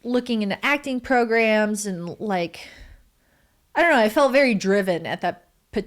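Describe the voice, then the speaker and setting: A woman's voice: medium pitch, animated, normal speed. A woman in her thirties, a podcast guest talking casually with many fillers and frequent laughs. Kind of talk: casual interview chat.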